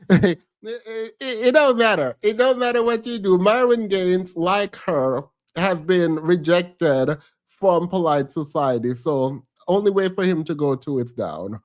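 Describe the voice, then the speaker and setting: A man's voice: high-pitched, expressive, takes it slowly. A man streaming a casual reaction commentary, laughing often, repeating phrases and teasing playfully.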